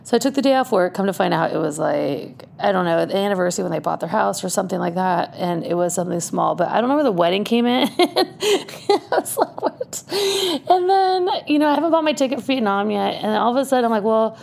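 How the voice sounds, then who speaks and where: A woman telling a personal story in a loose, chatty way, often breaking into laughter as she goes. Her voice has a gravelly vocal fry, and a faint low rumble sits underneath. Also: fast, hardly any pauses, darkish tone.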